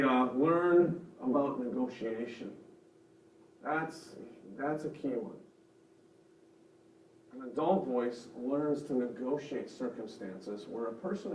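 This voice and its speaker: A man's voice: medium pitch, a little mellow, slight background noise. A man teaching a church seminar in an earnest, conversational way, explaining with examples. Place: seminar room. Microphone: microphone over a room speaker system. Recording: roomy, distant, dull sound.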